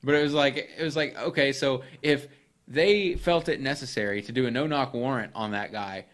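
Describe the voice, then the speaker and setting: A man from the United States on a podcast, telling stories in an animated, profane way and acting out what people said. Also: medium pitch, moderate pace. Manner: animated, profane, acts out quoted exchanges. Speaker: podcast co-host. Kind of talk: casual podcast storytelling.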